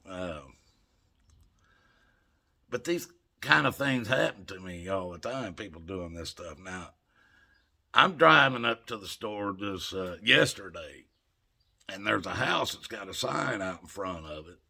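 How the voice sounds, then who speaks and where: Older male vlogger, folksy rambling storyteller, low gravelly voice. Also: expressive, unhurried, pauses often, pushed and bright. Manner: folksy, rambling, chuckles while telling. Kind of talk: casual storytelling.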